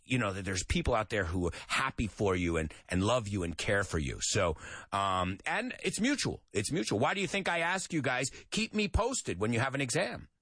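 A man teaches English in a chatty, animated way, laughing often. His medium voice swings widely in pitch. The sound is dry and close, with no room echo. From Andalusia, Spain. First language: Spanish. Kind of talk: casual online English lesson.

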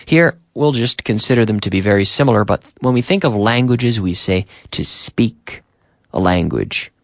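A man teaching an English lesson on the radio, drilling phrases slowly and repeating them, with short glosses added in between. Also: fairly low pitch, dry recording, clean studio sound. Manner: slow, repetitive drilling with Spanish glosses. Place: radio studio.

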